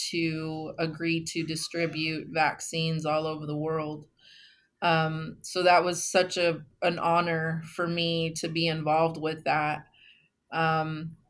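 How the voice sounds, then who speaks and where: Guest woman from Texas, low and flat delivery, slow, earnest, pausing. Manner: earnest, many "um" pauses. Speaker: memorial founder, guest. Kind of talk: casual interview storytelling.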